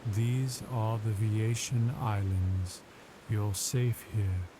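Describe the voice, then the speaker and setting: A man voicing a calm, commanding young princess, speaking firmly and slowly in his own low voice. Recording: steady ambient background noise.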